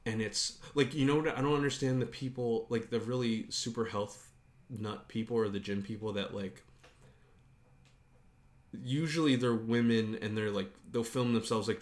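Young man, mid pitch, rambling podcast co-host, loose filler-heavy talk. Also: reverberant. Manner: rambling, many "like" fillers, laughs easily. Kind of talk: casual chat.

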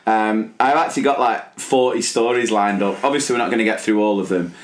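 A man who teaches, co-hosting a casual podcast and reading listener stories aloud with lively quoted voices. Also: fairly low pitch, brisk. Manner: animated, puts on voices for quotes.

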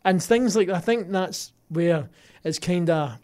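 A Scottish man with a voice sitting a little high for a man, talking in an easy, anecdotal way on a podcast. He chats loosely with his co-host. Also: a little slow, darkish tone. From Scotland. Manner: chatty, anecdotal. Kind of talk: casual podcast chat.

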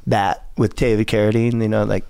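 A man's voice: fairly low pitch, flat delivery, a little fast, creaky, a little mellow, clear, resonant tone, no echo. A man from Southern California, a podcast guest telling long, profane stories that ramble and often break into laughter. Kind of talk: casual storytelling.

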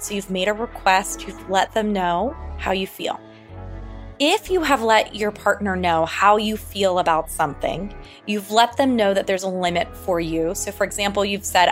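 A woman hosting a relationship advice podcast, answering a listener question in a calm, explanatory way, speaking straight to the listener. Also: medium pitch, moderate pace, faint music behind. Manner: calm, explanatory, direct address.

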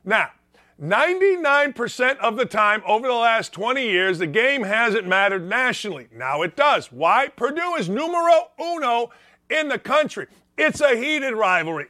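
A man's voice: very high voice, expressive, normal speed, sharp tone, no echo. Man, sports talk host, blustery opinionated monologue, dry close sound. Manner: blustery, ranting, folksy exclamations.

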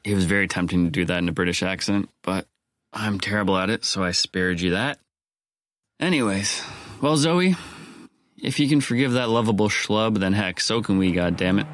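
A man's voice: fairly low pitch, moderate pace, fairly bright tone, dry recording. A man hosting a podcast on his own, talking casually and cracking dry jokes to his listeners. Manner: wry, joking asides. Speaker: podcast host.

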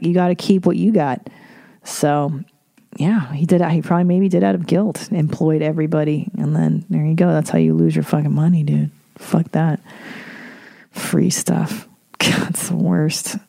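A woman's voice: low voice, gravelly, dark tone, dry recording, clean studio sound. Blunt, foul-mouthed woman podcaster. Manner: rambling, profane, blunt. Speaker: podcast host. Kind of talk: casual solo podcast talk.

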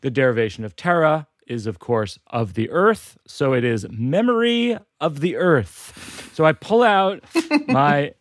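A man's voice: on the high side, lively intonation, unhurried, no room sound, clean studio sound. A man hosting a comedy podcast, telling rambling stories full of fillers in casual chat. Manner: rambling storyteller, lots of fillers.

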